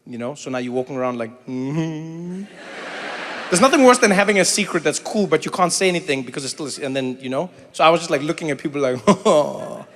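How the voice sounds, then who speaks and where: A man in his thirties with a South African accent doing stand-up crowd work, animated and breaking into loud high impressions. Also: rapid-fire, hardly any pauses. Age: 30s. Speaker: stand-up comedian. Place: large theater stage. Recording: live hall with faint crowd noise.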